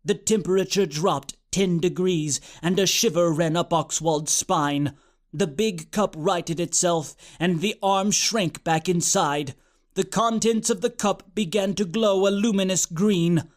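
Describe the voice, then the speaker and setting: A man narrating a comic fantasy storybook in a deadpan, quick way. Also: sits high.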